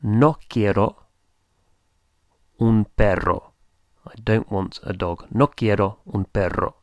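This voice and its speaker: A man's voice: on the low side, takes it slowly, no room sound. A man teaching a beginner language lesson, patiently repeating and spelling out words.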